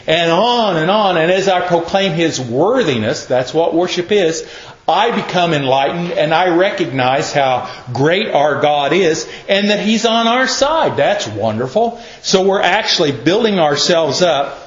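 Slow-preaching man in an echoey room. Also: fairly high pitch. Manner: slow, earnest, conversational teaching. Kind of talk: sermon. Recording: echoey, muffled room recording.

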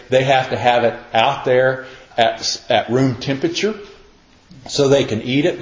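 Man, folksy conversational Bible teacher, mid-pitched voice, roomy and slightly dull recording. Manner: folksy, repeats himself, acts out quotes. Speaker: preacher.

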